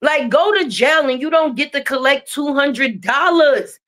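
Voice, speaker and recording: A young adult woman rants on a livestream. She talks in a profane, confrontational, animated way. Her voice sits high. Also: measured pace. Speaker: streamer. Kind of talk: livestream rant. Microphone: streaming mic.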